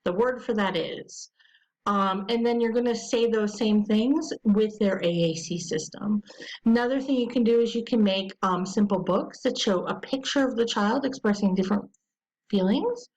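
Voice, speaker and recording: A woman presenting an educational webinar, talking casually with frequent ums and slowing into a soothing voice to model calm self-talk. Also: mid-range voice, highs cut off.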